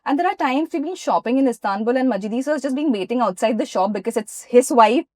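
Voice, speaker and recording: A woman from India, an actress being interviewed, who tells lively anecdotes and acts out what people said. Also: fairly high pitch, fast talker, no room sound, clean studio sound. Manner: lively anecdotes, often acting out quoted dialogue. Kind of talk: interview storytelling.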